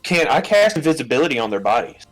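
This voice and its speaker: A man's voice: medium pitch, big pitch swings, fast, soft background music, low-quality recording. A man playing a tabletop game, talking through his moves in a plainspoken way. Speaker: player. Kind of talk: casual game chat.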